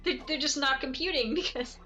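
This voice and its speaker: A woman streamer chats casually as she games, rambling from one story to another and laughing often. Her bright, sharp voice sits fairly high and moves briskly, and the low-quality audio comes from a home streaming setup.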